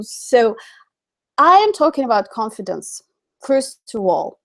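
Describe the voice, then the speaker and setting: Woman with Russian accent, fairly high voice, live online English teacher, chatty, lots of fillers. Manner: chatty, many fillers and self-corrections. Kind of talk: live-streamed online lesson.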